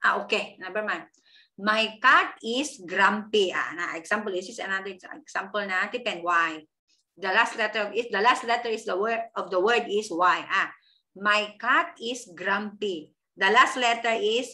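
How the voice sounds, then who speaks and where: A woman teacher, slowly spelling out words and often checking that her students understand. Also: mid-range voice, pushed and bright. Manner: switches between English and Thai mid-sentence. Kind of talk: online grammar lesson.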